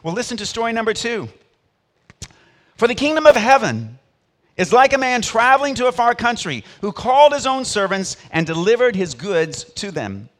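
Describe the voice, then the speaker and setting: A middle-aged pastor preaching a sermon, with sharp rises and drops in volume and call-and-response with the congregation. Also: male voice, very high voice, sing-song, normal speed.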